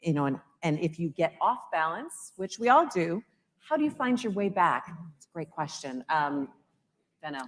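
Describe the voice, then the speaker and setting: A woman moderating a live panel discussion at an event, chatty and quick to laugh. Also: fairly low pitch, big pitch swings. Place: event hall with audience.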